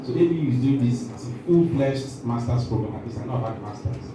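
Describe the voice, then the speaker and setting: Quick-paced and animated at a medium pitch, a nervous Nigerian man with a shaking voice runs a training workshop, questioning the audience, joking, and self-interrupting. The audio comes from far off in an echoey, large conference room with a noisy background.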